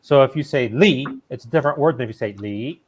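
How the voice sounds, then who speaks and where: A man's voice: medium pitch, very fast, slight background noise. A man joining a casual chat on a video call as a guest, joking and explaining things patiently.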